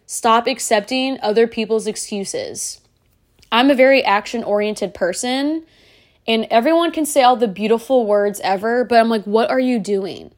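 A woman in her thirties from the United States hosts a solo podcast, speaking bluntly and candidly straight to the listener. Her voice sits on the high side, at a moderate pace.

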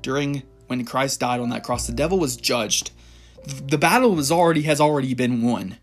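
A man's voice: medium pitch, moderate pace, faint music behind. A man giving an informal devotional talk, reading Bible verses and rambling a little as he laughs at himself. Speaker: Christian encouragement speaker.

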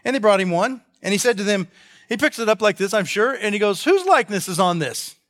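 A man's voice: high-pitched, fast talker. A male pastor preaching a sermon in a conversational way, reading scripture and briefly acting out the people in the story. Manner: animated, acts out the quoted people in the stories; conversational, with repeated restarts.

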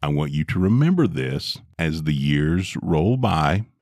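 Deep-voiced fatherly man. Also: very animated, measured pace, no echo, clean studio sound. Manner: gentle, reflective, fatherly advice. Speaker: podcast co-host. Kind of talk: casual chat.

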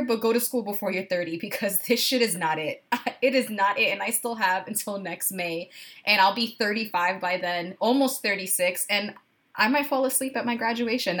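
A woman in her thirties chats on a podcast in a bright, mid-pitched voice. She sounds worn out but candid, laughs easily, and swears freely. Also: a little fast. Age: 30s. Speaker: podcast co-host. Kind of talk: casual podcast chat.

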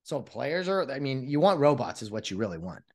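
This man, late thirties, hosts a podcast and used to be an umpire; in a solo monologue he rants with exasperation, often restarting what he's saying. His mid-range voice has a darkish tone, big pitch swings, and a slightly fast pace.

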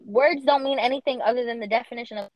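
A woman's voice: fairly high pitch, fast talker, dry recording. Young woman, podcast co-host: casual, emphatic, slangy; dull lo-fi audio. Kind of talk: casual chat.

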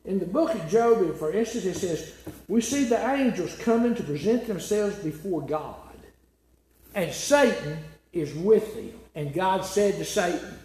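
A male preacher delivering a sermon in a high, lively voice that rises and falls widely. He hammers his points with repeated phrases and rhetorical questions. The sound carries the echo of a roomy hall. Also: measured pace. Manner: emphatic, repetitive, with rhetorical questions. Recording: echoey room.

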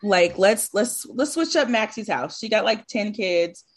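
A woman co-hosting a podcast, chatty and lively in casual conversation. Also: medium pitch, unhurried, husky. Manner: chatty, lively, laughs while acting out scenes. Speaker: podcast co-host. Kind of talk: casual chat.

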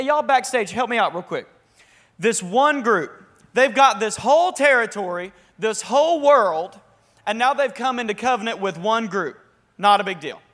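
High-voiced energetic preacher man. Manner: energetic, conversational preaching with bursts of emphasis. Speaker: pastor. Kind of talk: sermon.

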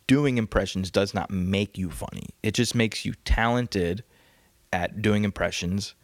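A man's voice: fairly low pitch, a little slow, no echo. A man hosting a casual solo podcast from home, rambling crudely and laughing at his own jokes. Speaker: podcast host. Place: home, on a couch.

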